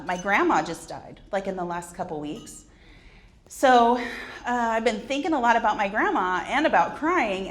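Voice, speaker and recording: A woman in her forties telling wry, self-deprecating comic stories on a conference stage, often laughing at her own jokes. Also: medium pitch. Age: 40s. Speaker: conference speaker. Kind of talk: comedic personal storytelling.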